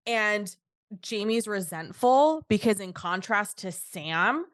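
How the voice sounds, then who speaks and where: A woman hosts a casual podcast chat, talking in an animated way and slipping into quoted voices. Her voice sits at an ordinary middle pitch. The recording is dry and close. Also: slow pace, no echo. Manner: animated, swears freely, acts out quotes. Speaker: podcast host.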